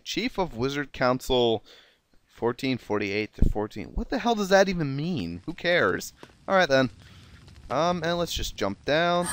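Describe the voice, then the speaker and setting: A sarcastic let's play gamer from South Jersey, USA, offers casual gameplay commentary in a lively-pitched male voice. He's chatty and swears casually, and the recording is dry.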